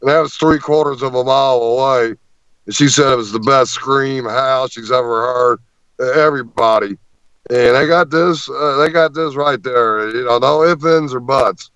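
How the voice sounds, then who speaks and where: A man, a guest on an interview show, telling a long story in an animated way and often repeating words as he goes. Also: mid-range voice, moderate pace, smooth, no room sound, muffled recording.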